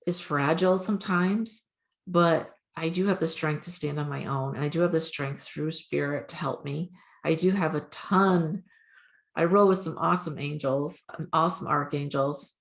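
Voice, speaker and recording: A woman's voice: low voice, gravelly. A woman hosting a spiritual podcast, talking casually and encouragingly about oracle cards, with lots of fillers. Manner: chatty, encouraging, many fillers.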